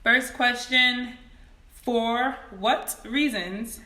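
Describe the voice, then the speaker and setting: A woman leading a livestreamed Sunday school lesson on her phone, greeting viewers by name and reading each question slowly, then repeating it. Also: a little high, pushed and bright, roomy sound. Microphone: phone camera.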